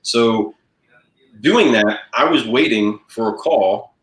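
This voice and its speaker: A man's voice: medium pitch, slow pace. A man from New York telling stories in a casual interview about getting into car sales, acting out the people he quotes. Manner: animated storyteller who acts out quoted people. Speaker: guest, car sales professional. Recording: echoey room.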